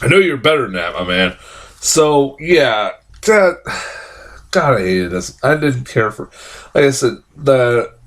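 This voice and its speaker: A man's voice: mid-range voice, very animated, slow, a bit bright. A man reviewing a film in a casual, exasperated rant, swearing freely and restarting sentences with lots of fillers.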